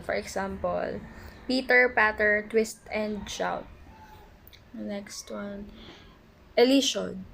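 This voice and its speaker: A woman's voice: mid-range voice, gravelly, slight background noise, poor audio. Woman reading a poetry lesson aloud. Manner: reads definitions aloud from notes, small stumbles. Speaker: student presenter. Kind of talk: reading a class report on poetic devices.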